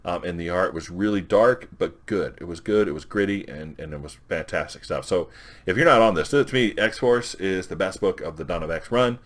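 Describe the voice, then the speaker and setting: A man giving a casual, rambling review of a comic issue, recapping scenes and quoting characters' dialogue. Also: low voice. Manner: rambling, with restarts and quick quoted dialogue.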